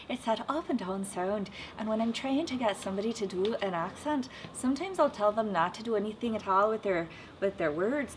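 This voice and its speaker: A woman being interviewed about her travels and voice work, talking in an animated, self-mocking way and slipping into short sung demonstrations. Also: medium pitch, a little fast, slight background noise, low-quality recording. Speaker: interviewee, voice actor and dialect coach. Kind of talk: casual interview with playful demonstrations.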